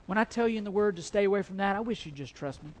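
A male preacher voicing God as a gentle inner voice that pleads to be trusted. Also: high voice, lively intonation, very fast, poor audio. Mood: tender, pleading. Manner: soft and pleading. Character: gentle, longing voice of God speaking to a man. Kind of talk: sermon.

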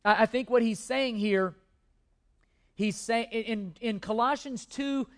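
A man's voice: very high voice, measured pace. Male pastor, emphatic sermon delivery, repeats key words for weight. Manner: emphatic preaching with repeated phrases and restarts.

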